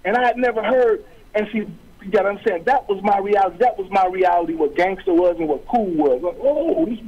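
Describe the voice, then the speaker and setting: A man's voice: sits high, fairly quick, lo-fi sound. A middle-aged man, a guest author, telling his story in an interview with streetwise slang, acting out quoted voices.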